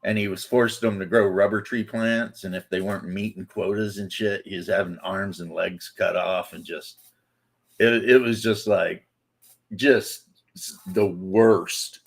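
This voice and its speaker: A man's voice: fairly low pitch, fairly even intonation, measured pace. A man hosting a casual podcast chat, rambling and laughing as he talks. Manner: rambling, laughs often, loose fillers. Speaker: podcast host.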